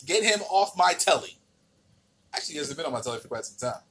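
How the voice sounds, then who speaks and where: A man's voice: a little high, expressive, fast talker, a bit bright, breathy edge. A man with an American accent hosting a podcast, ranting in a casual, exasperated and profane way with many restarts. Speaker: podcast host.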